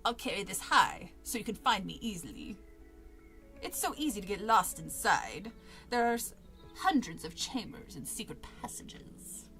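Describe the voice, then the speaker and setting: Woman voicing a jolly storybook tour guide man, bright casual teasing tone, soft music behind. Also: mid-range voice, very animated, unhurried, heavily acted. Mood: announcing. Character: cheerful middle-aged male tour guide, joking.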